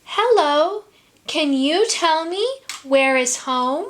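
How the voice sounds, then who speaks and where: A woman voicing a small lost female penguin chick with high, plaintive, pleading calls in a storybook reading. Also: lively intonation, slow. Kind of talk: storybook character voice.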